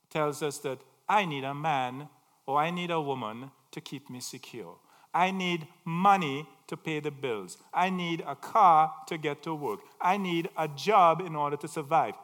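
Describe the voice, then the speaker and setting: A man preaching a sermon, telling stories dramatically and swinging between loud calls and soft asides. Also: a little high, long reverb tail.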